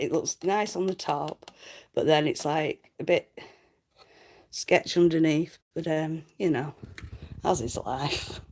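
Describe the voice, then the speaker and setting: Giggly woman, gravelly. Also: low-pitched, a little mellow. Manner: giggly, rambling, swears a lot. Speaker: livestreamer. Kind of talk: casual live stream chat.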